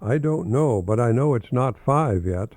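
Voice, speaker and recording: A man's voice: mid-range voice, expressive, a little slow, darkish tone, dry recording, close to an everyday voice. An older man voicing a literal-minded little boy as he reads children's jokes aloud in a raised, childlike voice. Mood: playful.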